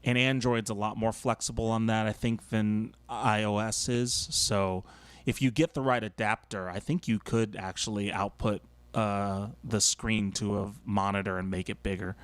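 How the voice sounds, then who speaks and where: A man's voice: on the low side, fairly even intonation, normal speed, smooth, dry recording. A man co-hosting a casual live stream who answers viewer questions in a loose, conversational way, hedging often. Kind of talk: casual chat.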